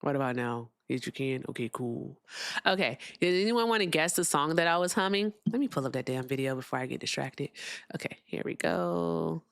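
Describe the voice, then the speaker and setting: A young woman hosts a casual livestream and chats away to her viewers. Her voice sits on the low side but moves a lot in pitch. It is recorded dry and close, with no room sound. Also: animated, fairly quick, vocal fry, clean tone, no room sound. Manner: chatty, talks to viewers, fiddles with sound settings. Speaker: livestream host.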